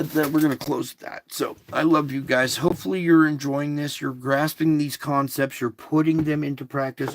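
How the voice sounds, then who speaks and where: A man talks through a devotional at an unhurried pace, reading passages and then explaining them plainly to his listeners. His voice sits at an ordinary middle pitch and sounds dry and close, with no room around it. He keeps checking in with his listeners as he goes. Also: no echo. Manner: conversational, checks in with "okay?"; reads devotional passages aloud, then comments. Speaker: devotional teacher. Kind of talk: casual devotional teaching.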